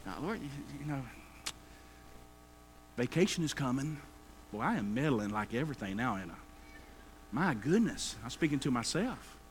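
A man's voice: mid-range voice, sing-song, normal speed, pauses often, slight background noise. A man preaching a sermon, folksy and acting out everyday complainers. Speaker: pastor.

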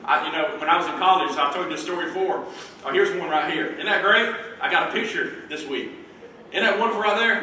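A male pastor delivers a sermon with animated energy, now and then hollering to his congregation. His voice sits high for a man. The recording is distant and heavily reverberant, with a noisy church hall behind him. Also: quick pace. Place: church sanctuary. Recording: echoey hall, far from the mic, noisy.

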